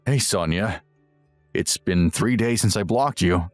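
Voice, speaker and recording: A man's voice: deep voice, measured pace, soft background music, voice pushed down. A man voicing a smug, self-righteous young husband who lectures and sneers in a dramatized text-message story.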